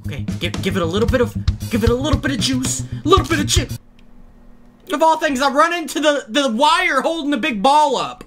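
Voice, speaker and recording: A man hosting a gaming channel, giving let's play commentary in excitable, slangy banter that breaks into yelps and shouts at near misses. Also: extremely high pitch, brisk. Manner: self-hyping, slangy banter. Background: game music.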